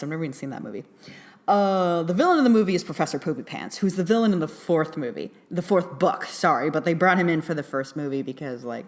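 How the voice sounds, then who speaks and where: A young adult woman giving a casual, chatty film review, full of fillers and little laughs. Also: low-pitched. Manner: chatty, rambling, many fillers and giggles.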